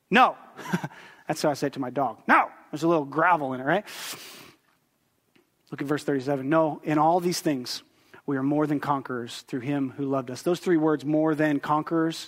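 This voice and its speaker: A man's voice: on the high side, a bit bright. A man in his thirties preaching a sermon as a pastor, conversational and joking with the congregation. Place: church sanctuary. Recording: long reverb of a church hall.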